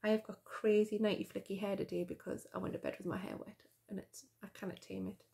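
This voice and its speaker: Chatty woman with vocal fry. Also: medium pitch, flat delivery, fast talker, warm tone. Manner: chatty, rambling, with many fillers and restarts. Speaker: vlogger. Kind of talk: casual chat to camera. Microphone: camera mic.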